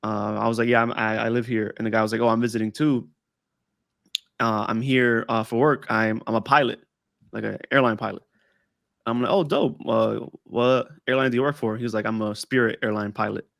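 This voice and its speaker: A man's voice: lowish voice, little pitch movement, fairly quick, vocal fry, a bit bright, dry recording, clean studio sound. A man co-hosting a podcast in casual chat, telling a rambling story and acting out the people in it. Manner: rambling storyteller who acts out quoted dialogue. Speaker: podcast co-host. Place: lives in Texas.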